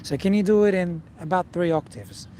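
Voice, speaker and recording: A man's voice: sits high, fairly quick, warm tone, slight background noise. A man teaching singing in a casual video lesson, talking straight to the viewer and checking in with frequent "okay?"s. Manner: direct, coaching, frequent "okay?" check-ins.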